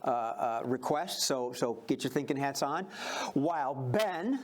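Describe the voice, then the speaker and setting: Man, improv host, live stage, upbeat, lively pitch, chatty. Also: unhurried, a little hiss or hum. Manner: upbeat, chatty, takes audience suggestions. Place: stage before a live audience.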